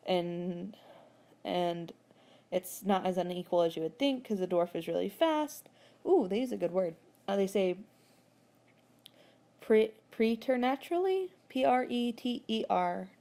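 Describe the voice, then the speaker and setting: A woman talks through a story recap in a loose, rambling way as a podcast host. Her voice is mellow and soft-edged. She laughs often and swears freely. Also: mid-range voice. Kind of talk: casual book recap.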